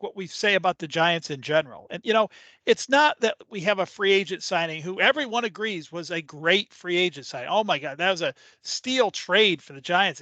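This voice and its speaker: A man with a high, bright voice talks sports on a podcast. He is conversational and easygoing. The recording is dry and close. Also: no room sound. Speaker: podcast co-host. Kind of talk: casual podcast chat.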